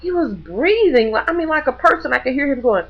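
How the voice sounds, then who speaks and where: A woman vlogger with a high voice talks a little fast through a muffled recording. She tells a personal story to camera in casual, animated speech, performing other people's lines and often restarting and repeating words.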